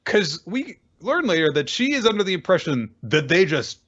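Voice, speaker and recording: A man's voice: high-pitched, very animated, normal speed, a bit bright, highs cut off. A man co-hosting a casual manga recap podcast, commenting wryly and laughing often. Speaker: podcast co-host.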